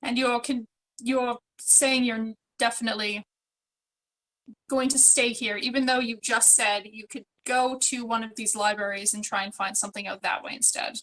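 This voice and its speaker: Bright, high-voiced woman player. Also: steady tone, normal speed, low-quality recording. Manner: laughs often, chatty. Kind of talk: casual tabletop game chat.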